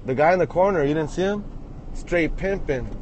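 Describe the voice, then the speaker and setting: A slightly high-voiced man rambles from the driver's seat of his truck, cracking crude jokes and restarting his sentences. A faint hum from the vehicle sits under his voice. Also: expressive, normal speed, a little mellow. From Los Angeles area. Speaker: vlogger filming while driving. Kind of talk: rambling self-filmed commentary. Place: inside a truck, driving.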